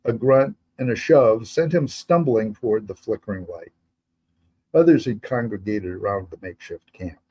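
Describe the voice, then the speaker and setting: A man, the author, reading his historical fantasy novel aloud in steady, measured narration. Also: fairly low pitch, breathy edge, rough recording.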